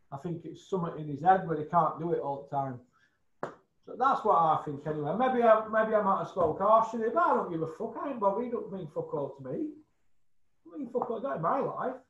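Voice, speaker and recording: High-pitched bloke ranting, swears loads, keeps going "hasn't he?", roomy kinda dull recording. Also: a bit bright. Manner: blunt, sweary ranting with tag questions. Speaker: show regular. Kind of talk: casual boxing chat. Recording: roomy, slightly dull sound.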